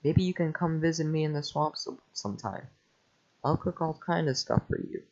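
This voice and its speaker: A man voicing a gruff, awkward male ogre, hesitant and stumbling over his words in a casual reading. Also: a little high, expressive, normal speed, darkish tone, voice pushed up. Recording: lo-fi home mic.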